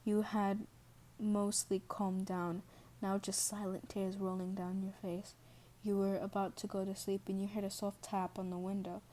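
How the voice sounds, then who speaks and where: Mellow-voiced woman reading a story. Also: mid-range voice, little pitch movement, moderate pace, a little hiss or hum. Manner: reads with restarts and self-corrections, stops to apologize. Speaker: fan fiction reader. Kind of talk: second-person story reading.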